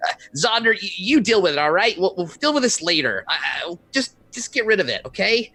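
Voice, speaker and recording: A man's voice: high voice, sing-song, a little fast, pushed and bright, pitched above the performer's own voice, exaggerated voice. A man voicing a proud, arrogant male drow leader who snaps out orders. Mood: flustered. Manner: haughty, snapping orders.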